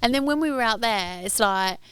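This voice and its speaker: A woman's voice: on the high side, animated, a little fast, a bit bright, smooth, dry recording. A woman co-hosting a casual podcast, chatty and rambling, recorded outdoors in a garden. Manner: chatty, rambling with many fillers. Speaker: podcast co-host. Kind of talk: casual chat.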